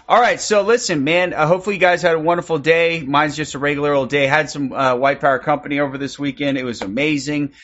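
A man hosting a livestream in loose, casual chat, reeling off quick shout-outs and swearing freely. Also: a little high, fairly even intonation, dull audio. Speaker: livestream host.

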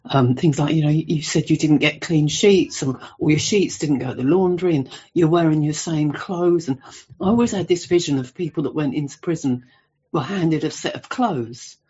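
A woman's voice: sits low, moderate pace, dark tone, slightly rough. A woman calling in to a stream, asking a rambling question with many restarts and apologies. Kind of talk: casual stream chat. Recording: muffled stream audio.

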